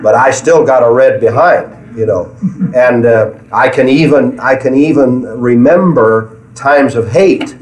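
A man leading a Bible study in an earnest preaching style, often repeating phrases as he finds his words. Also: mid-range voice. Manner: earnest, repeats himself while searching for words. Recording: echoey room, mic at a distance.

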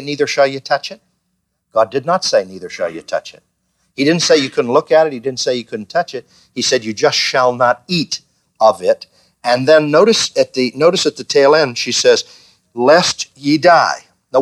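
A man teaches a small Bible study group, his voice sitting at an everyday middle pitch. He keeps turning questions back to the class and gives the lines he quotes a little acted colour. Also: fairly bright tone.

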